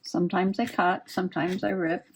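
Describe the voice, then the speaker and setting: A woman's voice: lowish voice, fairly even intonation, moderate pace, a little hiss or hum. A woman chatting and giggling as she works on a craft project. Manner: chatty, giggly, talks while working. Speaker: crafting vlogger. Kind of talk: casual crafting chat.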